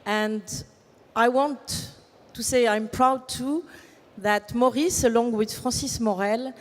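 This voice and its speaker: A woman talks slowly from a stage, her words emotional and halting. Her voice is fairly high. A long hall reverb trails behind it. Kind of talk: speaking on stage at a ceremony.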